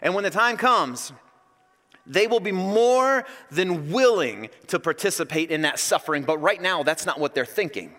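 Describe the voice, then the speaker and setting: A man preaching a sermon, an animated, joking storyteller. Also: sits high, normal speed, big-room sound. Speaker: pastor.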